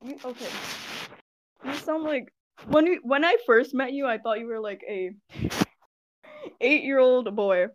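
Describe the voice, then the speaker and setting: A woman chatting casually on an online group voice call, teasing her friends playfully and trailing off quietly. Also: high voice, measured pace, long pauses, muffled recording.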